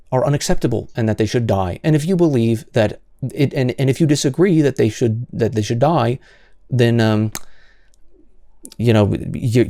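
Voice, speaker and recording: A man's voice: mid-range voice, dark tone, no echo, studio quality. A man hosting solo commentary, answering comments in an exasperated, sarcastic way with many stammered restarts.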